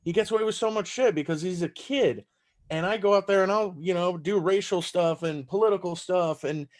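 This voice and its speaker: A man's voice: sits high, a little fast. A man from Texas with a Southern accent, a stand-up comedian chatting loosely on a podcast, swearing and laughing as he tells stories. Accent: Southern American. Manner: loose, profane, laughing storyteller. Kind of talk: casual podcast chat.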